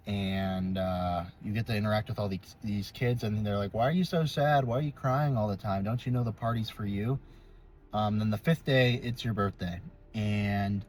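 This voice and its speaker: A young man talks through a long story off the top of his head, correcting himself as he goes and filling pauses with ums. His voice sits on the low side. A faint steady hum runs underneath. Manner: rambling, self-correcting, lots of ums. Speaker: video creator. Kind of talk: unscripted explainer from memory.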